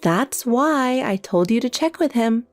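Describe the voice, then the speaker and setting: A synthetic woman's voice playing a calm, cold younger sister in a text story, with faint music behind. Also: fairly high pitch, a little slow, no echo. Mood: matter-of-fact. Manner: cold, matter-of-fact.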